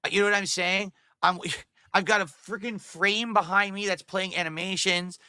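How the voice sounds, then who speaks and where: A man's voice: high-pitched, fairly even intonation, moderate pace, sharp tone, clear, resonant tone, no echo, clean studio sound. A man talking casually as an interview guest in a defensive, dismissive way.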